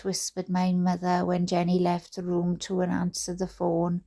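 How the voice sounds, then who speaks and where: A Welsh woman reads a bedtime book at an unhurried, slow pace. She keeps stopping for giggly, chatty asides to her listeners. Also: fairly low pitch, fairly even intonation, dark tone. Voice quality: giggly, chatty, breaks off to comment. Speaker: reader.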